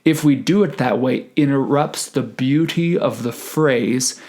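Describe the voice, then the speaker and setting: Guy teaching choir diction, real slow and careful, middle voice. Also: medium pitch, darkish tone. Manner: slow, careful explaining, breaking into sung phrases. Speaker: choral conductor. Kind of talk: choral diction lesson with sung examples.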